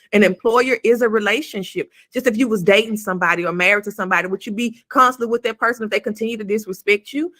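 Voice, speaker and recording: A woman's voice: medium pitch, bright, forceful tone. A woman co-hosting a podcast, giving blunt, emphatic advice in casual talk and swearing freely. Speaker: podcast co-host.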